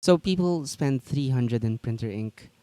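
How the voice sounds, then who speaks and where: A man's voice: mid-range voice, lively intonation, measured pace, dark tone, no room sound. A man co-hosting a tabletop gaming news stream, chatting casually and rambling with lots of fillers and restarts.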